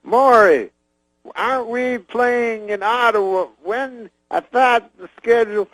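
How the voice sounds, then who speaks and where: A man doing an impression of an older male comedian who speaks in short clipped fragments with drawn-out exclamations. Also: very high voice, a bit bright, no echo, voice pushed up, exaggerated voice, poor audio. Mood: grandly obliging. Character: older famous male comedian, halting and booming.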